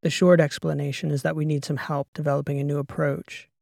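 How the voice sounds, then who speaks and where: A man voicing a calm, guarded female starship captain who speaks softly and in a measured way. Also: a little high, creaky, no echo, clean studio sound. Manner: soft, measured, quiet delivery.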